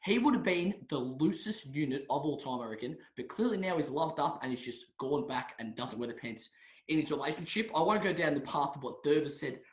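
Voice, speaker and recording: A young man with an Australian accent rambles through jokey podcast segments, often laughing. His voice sits a little high, and the room gives it a roomy echo. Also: expressive, brisk. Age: young adult. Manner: giggly, rambling banter. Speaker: podcast co-host. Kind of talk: comedic chat.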